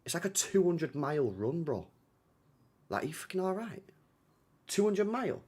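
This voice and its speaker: A man's voice: fairly high pitch, very animated, moderate pace, a little mellow, husky. A young man chatting casually to his live stream audience, rambling with slang, swearing and frequent laughter. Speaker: streamer hosting a football watchalong.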